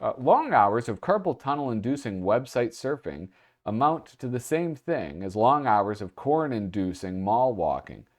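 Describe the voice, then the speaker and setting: A man's voice: mid-range voice, big pitch swings, measured pace. A man hosting a casual read-through, reading passages aloud and breaking off for chatty asides and chuckles. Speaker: host.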